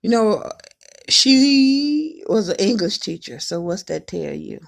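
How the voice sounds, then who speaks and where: A woman in her forties from Cleveland, telling folksy, animated family stories to the camera and hushing her voice to mimic her mother. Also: mid-range voice, slow, gravelly. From Cleveland, Ohio. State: emotional, choked up at times. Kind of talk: personal storytelling to camera.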